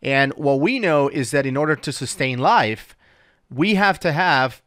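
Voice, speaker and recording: A man's voice: a little high, animated, unhurried, a bit bright, no room sound, clean studio sound. A man hosting a dive talk show, patiently explaining things step by step in a casual chat. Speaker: dive instructor and podcast host.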